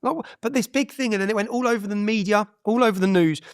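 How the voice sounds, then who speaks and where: A man's voice: high voice, quick pace, smooth, no echo, clean studio sound. A man, a guest on an interview podcast, telling his story bluntly and with energy, with frequent "yeah?" tags and some swearing.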